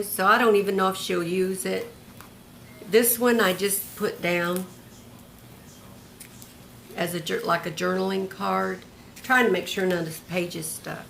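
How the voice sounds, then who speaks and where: A woman's voice: mid-range voice, creaky, fairly bright tone, slight background noise. An older retired woman showing off a handmade journal in a homey, chatty show-and-tell, describing each piece one by one. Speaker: craft vlogger.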